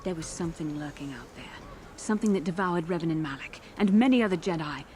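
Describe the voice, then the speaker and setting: A woman voicing a proud, stern young Jedi woman in a video game, speaking in a measured, lecturing way. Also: deep voice, animated, a little mellow, slight background noise. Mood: firm.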